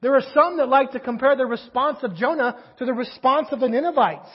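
A man's voice: extremely high pitch, brisk, husky, highs cut off. A man preaching a sermon in a conversational way, asking his listeners rhetorical questions. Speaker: pastor.

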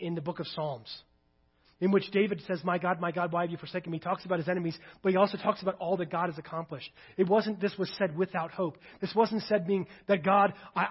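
A male pastor preaching a sermon, emphatic, swinging between loud declarations and hushed readings of Scripture. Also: sits high, slightly rough, dull audio.

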